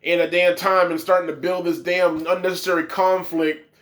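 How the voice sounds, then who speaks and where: A man's voice: high-pitched, little pitch movement, moderate pace, fairly bright tone. A man reviewing a wrestling show, ranting with profane, exasperated commentary.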